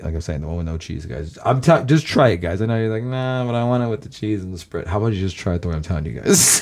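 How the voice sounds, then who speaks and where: A man's voice: low voice, a little mellow. A man from Los Angeles, a YouTuber, rambling casually to his viewers, swearing constantly and calling them guys.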